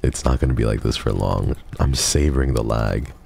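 Very deep, gravelly streamer man. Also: normal speed, a little mellow. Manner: casual, swearing, joking with chat. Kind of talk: live gaming stream.

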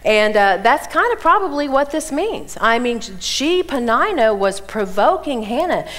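A woman in her sixties teaching the Bible at a women's conference, telling stories with animated delivery and acting out the people she quotes. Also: sits high, a little slow. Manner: animated storytelling, acts out quoted voices.

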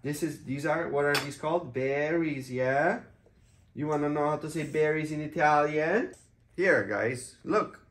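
A woman with a low voice gives a children's vocabulary lesson, drawing out each word and repeating it patiently. Her slow, deliberate speech carries the echo of a hotel room. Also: slight background noise. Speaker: parent teaching Italian to children.

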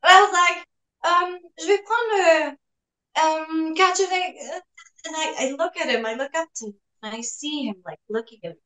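A woman guest with a fairly high voice chats in a lively, storytelling way, dropping French words into her English and laughing a lot. The room around her rings with a roomy echo. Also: quick pace. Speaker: actress guest. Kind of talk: casual interview chat.

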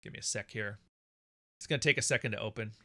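Bright-voiced Canadian man, blunt and rambling. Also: fairly low pitch, fast talker, no echo. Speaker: podcast host. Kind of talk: casual livestream monologue.

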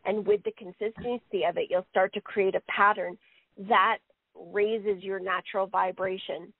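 A woman's voice: mid-range voice, steady tone, moderate pace, no echo. Woman, psychic medium, rambling relayed messages, phone-like sound, dry. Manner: rambling, relays quotes with frequent "he says". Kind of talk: live radio talk.

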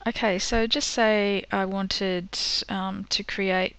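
A woman teaching a screen-recorded software tutorial, patient and step by step, with frequent ums. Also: mid-range voice, steady tone, slow, clear, resonant tone, dry recording.

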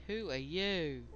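A man's voice: on the high side, a bit bright, muffled recording. A man giving casual, self-mocking commentary while playing a video game, swearing and laughing often. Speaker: gaming let's-player.

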